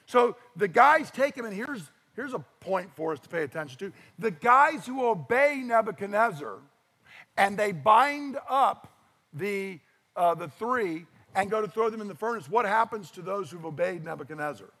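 A middle-aged pastor gives a lively sermon at a moderate pace, his voice fairly high for a man and trailed by long reverb. He tells the story with animated, acted-out voices.

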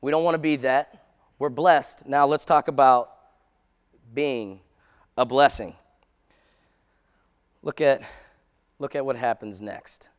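A man preaching a sermon as pastor, impassioned, building from quiet talk to loud preaching. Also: medium pitch, slow, long pauses, smooth, long reverb tail.

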